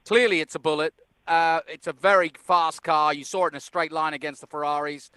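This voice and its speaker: A male co-host weighs in on a casual motorsport chat with quick, dry, teasing remarks. His voice is high and sharp-edged, and the recording is dry and close. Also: steady tone, clear, resonant tone, no room sound.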